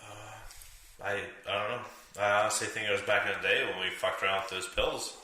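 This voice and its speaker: A man's voice: lowish voice, fairly even intonation, fairly quick, pushed and bright. A middle-aged man, a podcast guest, talking in casual chat with a hesitant, stammering manner. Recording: very echoey room, faint noise.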